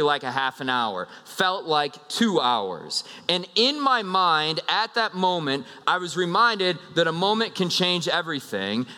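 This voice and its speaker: Pastor, thirties, male: bright, fairly high voice, casual storyteller from the pulpit, hall reverb. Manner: casual, animated storytelling with asides. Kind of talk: sermon with a personal story.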